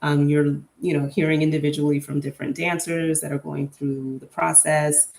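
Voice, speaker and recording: A woman's voice: deep voice, little pitch movement, normal speed, creaky, a little mellow, echoey room. A young adult woman hosting a casual solo podcast, chatty and candid with an opinionated, filler-heavy way of talking. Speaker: podcast host.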